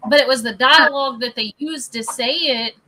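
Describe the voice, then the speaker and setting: A woman's voice: sits high, moderate pace, sharp tone, low-quality recording. A woman hosting a casual paranormal podcast chat, telling stories with laughter. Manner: laughing, storytelling. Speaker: podcast host.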